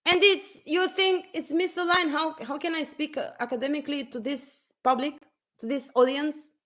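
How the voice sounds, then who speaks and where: A woman's voice: high-pitched, steady tone, normal speed, a bit bright. A woman giving an unscripted motivational talk on a live stream, blunt and preachy, often restarting her sentences and swearing casually. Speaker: motivational speaker.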